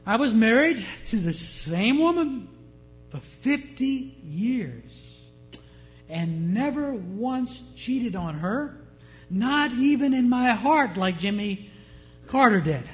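A man's voice: very high voice, sing-song, slow pace, soft background music, full character voice. A man preaching, voicing an older man who lists his good deeds at heaven's gate and grows desperate. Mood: boastful. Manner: boastful, then desperate.

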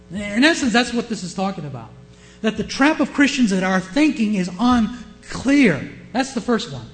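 High-voiced Southern preacher asking questions. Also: male voice. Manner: asks the congregation questions, varies pace and loudness. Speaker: pastor. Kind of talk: sermon.

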